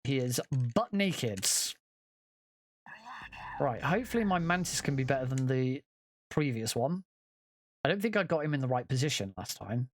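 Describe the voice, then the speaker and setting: A man's voice: mid-range voice, very animated, normal speed, long pauses, slight background noise. A man giving casual, chatty commentary while playing a game, often correcting himself and swearing offhand. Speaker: speedrunner.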